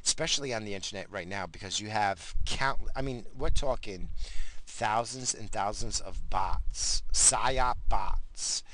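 A man ranting bluntly and profanely to his viewers, repeating himself and tossing in quick apologies between heated points. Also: lowish voice, sharp tone, low-quality recording. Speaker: vlogger. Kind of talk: casual rant to camera.

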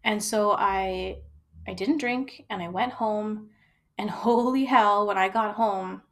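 A woman's voice: medium pitch, takes it slowly. A young woman telling her own story in a candid, reflective way, with frequent fillers and restarts. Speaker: storyteller sharing personal experience.

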